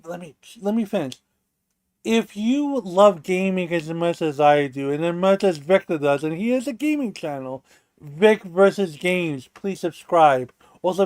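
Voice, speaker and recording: High-voiced man rambling slowly on stream. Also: a little mellow, dry recording. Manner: rambling, restarts and profane rants. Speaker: stream co-host. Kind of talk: casual livestream chat.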